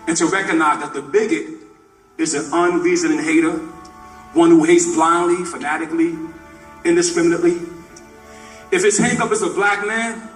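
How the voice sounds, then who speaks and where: A man on stage reading a passage aloud in a measured, emphatic, deliberate way. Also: fairly high pitch. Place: theater stage at a live tribute event. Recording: echoey theater from a distant mic with faint music.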